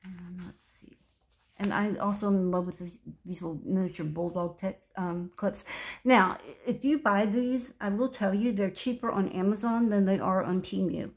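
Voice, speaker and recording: A woman in her sixties talks through her handmade journal in a relaxed show-and-tell. She gushes over every page and wanders off on side thoughts. Her pitch sits in an ordinary middle range. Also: moderate pace. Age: 60s. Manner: gushing, chatty, meandering. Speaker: craft vlogger. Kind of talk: casual craft show-and-tell.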